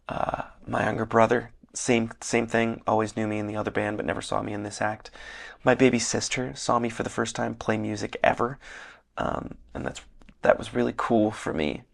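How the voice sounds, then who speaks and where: A young man from Northern Michigan hosting a casual solo podcast, rambling earnestly with many fillers, his voice hoarse and worn. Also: fairly low pitch, fairly even intonation, normal speed. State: losing his voice, slightly hoarse. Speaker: podcast host. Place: hotel room.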